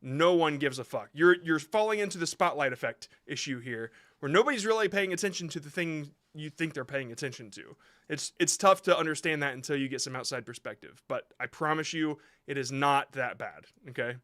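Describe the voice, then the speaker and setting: A man hosting a live stream, reviewing short videos sent in by viewers. His voice is slightly high and very bright. He rambles in a casual way, thinks aloud and reassures his viewers as he goes. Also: expressive, a little fast.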